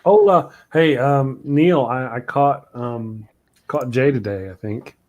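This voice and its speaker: A man chatting casually as a guest on a livestream call, relaxed and halting. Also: medium pitch, muffled recording. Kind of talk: casual chat.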